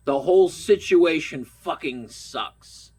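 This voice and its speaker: A man's voice: fairly high pitch, lively intonation, slow, darkish tone, slightly rough. A middle-aged man from Pittsburgh with a stuffy nose, ranting bluntly and swearing constantly. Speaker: vlogger. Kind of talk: profane rant.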